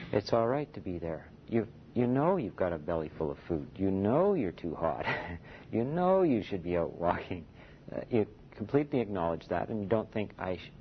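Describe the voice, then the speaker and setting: A man teaching a meditation retreat in a relaxed, conversational dharma talk, often saying "you know" and chuckling softly. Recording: dull lo-fi recording with faint rumble.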